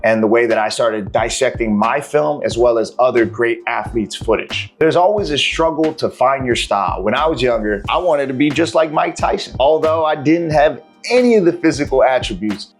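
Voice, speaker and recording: A man's voice: mid-range voice, normal speed, hardly any pauses, soft background music. A man, a martial arts coach, talking in a casual, slangy and profane way as he tells his story to the camera.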